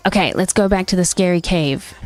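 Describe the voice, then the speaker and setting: A woman's voice: fairly low pitch, fairly quick, a little mellow, faint music behind. A young woman streaming a cosy game, chatting casually with viewers and reading game lines aloud. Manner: chatty, friendly, often reads game dialogue aloud.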